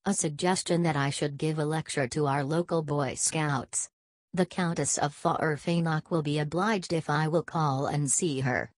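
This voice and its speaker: Brief: fussy, vain old sleuth as voiced by a low-voiced woman, theatrical, French asides, dry booth sound. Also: fairly even intonation, normal speed, no room sound. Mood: musing. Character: fussy, vain older male detective. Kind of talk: audiobook character reading.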